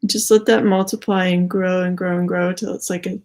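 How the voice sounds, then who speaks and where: Her voice sits lowish with a darkish tone, flat and a little fast. A young adult tarot reader, she offers a casual spiritual reading, rambling, a bit out of breath, and filling gaps with plenty of "like."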